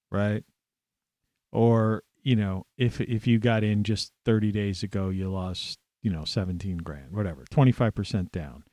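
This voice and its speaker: A man hosting a solo talk show, hoarse today, rambling with many fillers and restarts. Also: medium pitch, darkish tone, no echo. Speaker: podcast host. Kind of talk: solo monologue.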